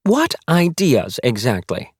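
A man voicing a busy, fussy mother who is anxious about appearances, raising his voice higher and speaking in a brisk, pointed way. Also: wildly swooping pitch, breathy edge, no room sound, studio quality, exaggerated voice.

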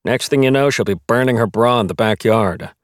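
A man's voice: mid-range voice, a little fast, no echo, clean studio sound, lightly acted. Man doing a teasing old-fashioned dad. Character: old-fashioned dad who teases his wife.

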